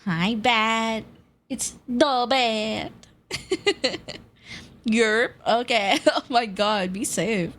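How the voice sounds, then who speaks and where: Giggly streamer woman, unhurried. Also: on the high side, a bit bright. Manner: giggly, greets chat by name, bursts of laughter. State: nauseous and dizzy. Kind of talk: casual live-stream chat with viewers.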